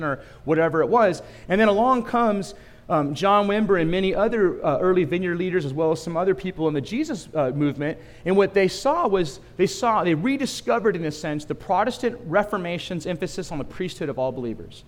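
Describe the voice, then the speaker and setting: Male pastor, animated storyteller, slightly high voice, long hall reverb. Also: normal speed. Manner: animated storytelling with asides to the room. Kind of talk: sermon.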